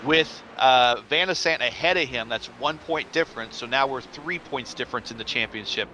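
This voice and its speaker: A man breaking down race strategy over a remote voice chat, working through his points slowly and with many uhs. Clear background noise runs under the line. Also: medium pitch, pushed and bright. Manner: analytical, hesitant, many uhs. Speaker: color commentator. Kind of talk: sim racing analysis.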